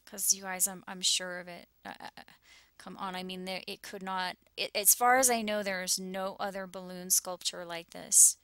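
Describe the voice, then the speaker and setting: A woman talks anxiously over a map, shaken and near tears, her words stumbling and often sinking to a whisper. Her voice is bright with a gravelly edge. The sound is dry and close. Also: mid-range voice, steady tone, normal speed, no room sound. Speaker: YouTuber sharing visions.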